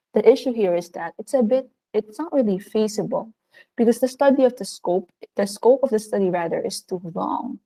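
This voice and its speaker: A woman with a Filipino accent, teaching a recorded video lesson. She speaks in an upbeat, animated way, with sudden lifts in pitch. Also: creaky, poor audio. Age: adult of working age.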